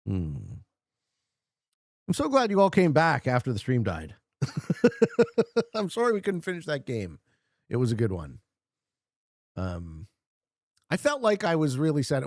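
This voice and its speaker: Gravelly man with a wildly lively voice. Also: no echo, clean studio sound. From Canada. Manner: swings from low and murmured to loud shouts. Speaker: streamer. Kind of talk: casual game-stream chat.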